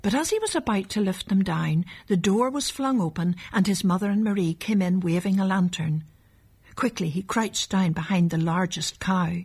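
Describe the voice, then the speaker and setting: A woman narrating a children's storybook in a gentle, measured way. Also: mid-range voice, breathy edge.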